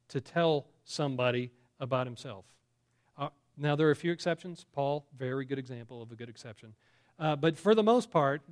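A pastor preaching a conversational sermon, asking the congregation questions, with many fillers and restarts. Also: male voice, fairly high pitch.

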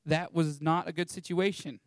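Animated young man telling a story. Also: a little high, normal speed, dry recording. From Texas. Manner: animated, acts out voices in his stories. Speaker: ministry school student sharing a testimony. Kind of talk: storytelling talk to an audience.

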